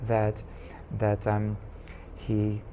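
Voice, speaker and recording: A man, a rabbi, casually telling a story to a small class, halting with many restarts. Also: lowish voice, completely flat delivery, mellow, highs cut off, slight background noise.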